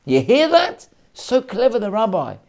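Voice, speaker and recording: Animated rabbi telling a story. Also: male voice, high voice, a little slow. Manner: animated, acts out quotes, many restarts. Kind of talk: sermon storytelling.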